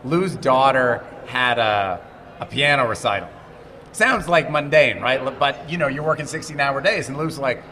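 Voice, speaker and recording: A middle-aged man from Montreal, an actor being interviewed at a convention, who talks in casual animated stories, restarts his sentences and acts out the quotes. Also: medium pitch, moderate pace. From Montreal, Canada. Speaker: actor guest. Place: convention hall.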